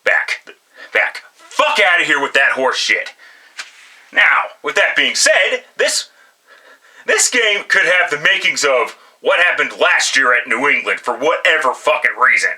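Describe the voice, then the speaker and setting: A man's voice: fairly high pitch, big pitch swings, measured pace, pushed and bright, rough recording. A man giving blunt, profane football picks in casual solo commentary, often restarting his sentences. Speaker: sports picks vlogger.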